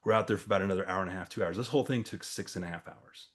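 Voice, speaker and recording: Speaking very fast, a husky, low-voiced middle-aged man recounts a campus crisis in relaxed, casual storytelling for a few listeners. His delivery is chatty, full of fillers, and he performs the lines of dialogue he quotes.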